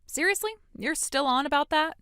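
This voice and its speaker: A woman's voice: high voice, normal speed, pushed and bright, no room sound, studio quality. A woman playing a sarcastic, defiant young woman. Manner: sarcastic, blunt. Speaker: grown daughter in a voiced story. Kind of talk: dramatic story voice acting.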